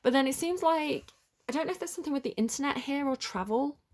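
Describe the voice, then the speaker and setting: A woman's voice: high-pitched, quick pace, darkish tone. Chatty woman thinking aloud through a tarot reading. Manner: rambling and chatty, full of "like" and "kinda"; tentative, thinks aloud while interpreting. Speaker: tarot reader. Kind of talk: unscripted collective tarot reading.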